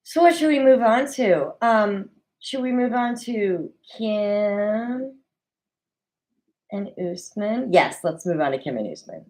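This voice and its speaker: This slow-talking woman, mid-range in pitch, hosts a casual recap show from her desk at home. She's talkative and opinionated, acting out quotes in mock voices, all captured on a rough recording.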